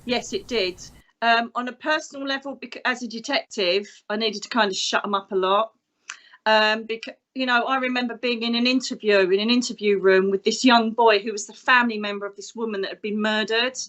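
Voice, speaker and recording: Animated English woman in her fifties. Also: fairly high pitch, a little fast. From England. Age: 50s. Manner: animated, acts out other voices in her stories. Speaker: guest, psychic medium. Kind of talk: storytelling interview talk.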